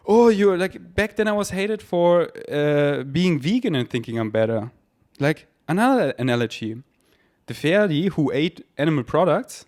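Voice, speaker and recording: A man's voice: a little high, a little mellow. A man hosting a podcast, speaking in a rambling spiritual monologue with repeated words and casual swearing; German is his first language. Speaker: podcast host.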